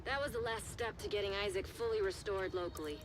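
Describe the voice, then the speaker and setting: Game mission handler voiced by an actor, curt and commanding, mid-pitched. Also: fast talker, loud music behind the voice, close to an everyday voice. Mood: briefing.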